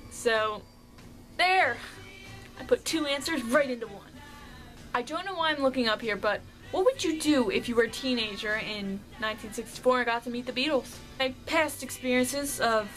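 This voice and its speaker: A woman's voice: a little high, fairly bright tone, rough recording. A young woman vlogger chatting casually through a fan question list, rambling and a bit shy.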